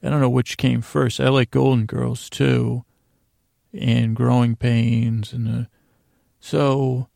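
A man with a deeply gravelly, fry-heavy voice rambles through a drowsy, self-deprecating recap in an almost monotone delivery. Recorded close and bone-dry, with no room around him. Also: slow, no room sound. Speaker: podcast host. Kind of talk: casual rambling recap for sleep.

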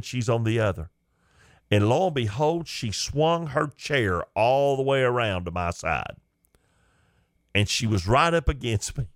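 Male comic storyteller, folksy and animated, dry close mic. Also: medium pitch, no room sound. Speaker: comedian.

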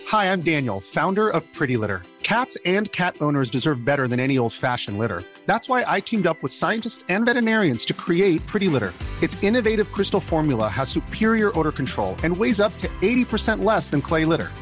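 A man, a company founder, reading a scripted ad in an earnest pitch. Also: sing-song, fairly quick, hardly any pauses, fairly bright tone. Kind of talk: scripted ad read. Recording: ad with faint music bed.

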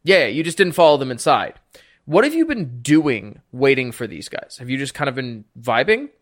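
A man's voice: medium pitch, very animated, normal speed. Casual, teasing game master, a man. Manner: casual, teasing, filler-heavy. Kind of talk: narrating a tabletop game.

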